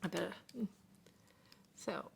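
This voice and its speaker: A woman's voice: slow, slight background noise. A woman live streamer in casual, rambling chat with her viewers, often stopping to thank them.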